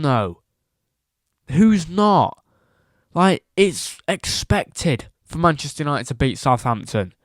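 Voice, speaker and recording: A man's voice: on the high side, no echo, clean studio sound. A man giving a casual football opinion rant as a vlogger, emphatic and repetitive, firing off rhetorical questions.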